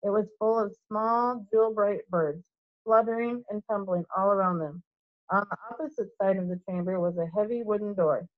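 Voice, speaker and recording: Woman teacher, storybook read-aloud, clear steady reading, small slips, medium voice, dull lo-fi sound. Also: mid-range voice, normal speed. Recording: dull lo-fi recording.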